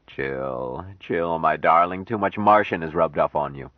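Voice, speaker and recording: A calm, wondering man raised apart from humankind, as a male reader plays him, slow, earnest and gently solemn. His voice sits very low, and the recording is dry and slightly dull. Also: dry recording.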